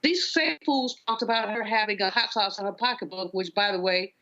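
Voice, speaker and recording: A woman's voice: medium pitch, fairly quick, bright, forceful tone, dull audio. A woman panel guest talking politics bluntly and with some amusement. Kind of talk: political discussion.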